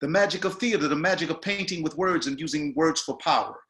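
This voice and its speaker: A man giving notes to an acting student, halting and repeating words as he quotes lines aloud. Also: a little high, fairly bright tone. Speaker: acting teacher. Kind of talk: coaching notes in a class. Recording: roomy echo.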